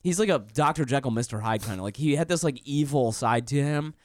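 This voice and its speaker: Profane, animated storytelling man, dry sound. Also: medium pitch, brisk, no echo. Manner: animated and profane, frequent "like" fillers. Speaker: comedian and writer, podcast guest. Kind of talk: casual storytelling.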